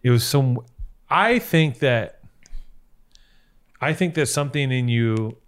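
A man's voice: mid-range voice, lively intonation, slow. A man hosting a podcast in casual chat, sarcastic and profane, rambling through his points.

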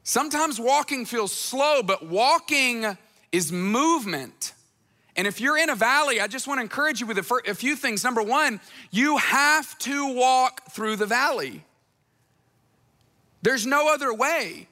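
Male pastor, conversational sermon delivery, high and bright, reverberant large hall. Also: animated, unhurried. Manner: conversational, acts out voices in retellings.

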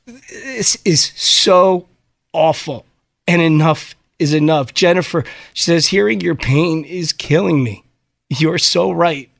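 A man's voice: a little high, creaky, no room sound, studio quality. A middle-aged man hosting a radio show, talking in a raw, upset and heartfelt way. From United States. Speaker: radio host. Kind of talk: emotional on-air talk. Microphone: studio microphone.

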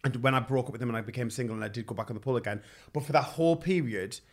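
A man's voice: mid-range voice, racing. A young man with a Geordie accent, a guest in a casual chat, telling a story candidly and swearing freely.

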